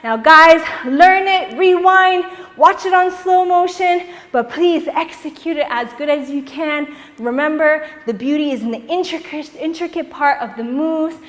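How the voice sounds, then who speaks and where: A young woman teaching a dance tutorial, energetic and encouraging, counting the beats aloud in a dance studio. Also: high-pitched, unhurried, in a large hall. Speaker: dance instructor.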